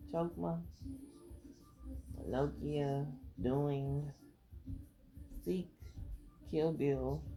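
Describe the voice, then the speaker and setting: A woman's voice: a bass voice, gravelly. A woman tarot reader doing a casual reading, rambling, thinking aloud and swearing freely.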